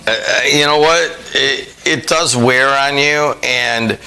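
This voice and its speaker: A man's voice: mid-range voice, slow, gravelly, bright, forceful tone, clear, resonant tone, poor audio. A middle-aged man hosting a local radio talk show, chatting easily with a Northwest Indiana accent, in a studio. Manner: easygoing, chatty, with many restarts. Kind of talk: casual radio chat. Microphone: studio microphone.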